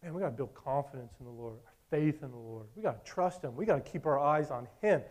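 A man in his late twenties with a mid-range voice preaches a sermon, talking fast and animatedly telling stories while acting out his own past thoughts.

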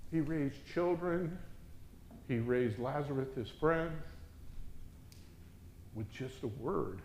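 A man preaching a sermon, swinging from loud, urgent exhortation down to hushed, reverent tones. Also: mid-range voice, slow pace, reverberant, a little hiss or hum.

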